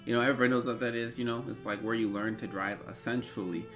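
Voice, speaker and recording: A man in his twenties telling an animated, rambling story in a storytime vlog. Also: mid-range voice, fast, music in the background. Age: 20s. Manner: animated, rambling, bursts into yelps. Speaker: vlogger.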